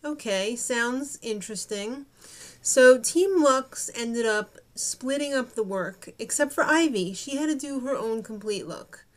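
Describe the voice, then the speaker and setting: A woman's voice: fairly high pitch, expressive, measured pace. A young woman giving a snarky, gossipy recap of a reality show. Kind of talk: casual TV recap commentary.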